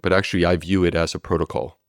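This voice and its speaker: Deep-voiced man explaining earnestly. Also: flat delivery, rapid-fire, clean tone, no echo, studio quality. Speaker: gastroenterologist guest. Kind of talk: podcast interview.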